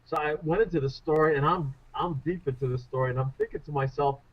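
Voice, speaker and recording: A man speaking as a guest on a radio interview, a public speaking coach telling stories in an animated, self-deprecating way. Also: on the high side, quick pace. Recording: muffled radio show audio.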